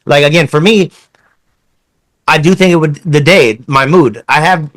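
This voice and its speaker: A man's voice: on the high side, normal speed, fairly bright tone. A man hosting a casual podcast chat, rambling and swearing with many restarts. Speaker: podcast host.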